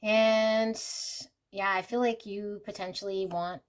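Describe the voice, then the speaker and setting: A woman's voice: mid-range voice, steady tone, slow. Chatty woman giving a tarot reading. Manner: chatty and unscripted, often hedging with "I feel like"; warm and reassuring, addressing the viewer directly. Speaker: tarot reader. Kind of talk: casual pick-a-card tarot reading.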